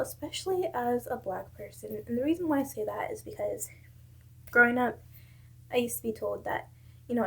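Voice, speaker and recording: Husky-voiced young woman giving candid advice. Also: a little high. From South Carolina. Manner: candid, earnest and personal. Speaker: vlogger. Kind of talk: casual advice talk to camera.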